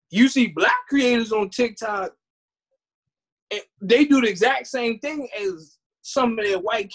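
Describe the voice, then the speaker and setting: Casual co-host, male, high-pitched, lively and mimicking. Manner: animated, mimics people, laughs often. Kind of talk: casual chat.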